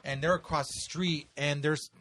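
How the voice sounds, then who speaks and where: A man's voice: on the high side, fairly even intonation, moderate pace, bright, forceful tone. A man co-hosting a podcast, telling a story in a rambling, profane way full of fillers. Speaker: podcast co-host. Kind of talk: casual chat.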